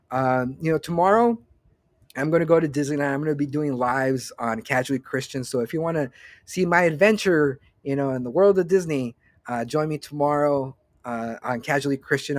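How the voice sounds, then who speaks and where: A man of about forty, late thirties to early forties, with a mid-range voice and no room sound. He hosts a casual solo podcast update, rambling, swearing freely and often cutting himself off mid-sentence.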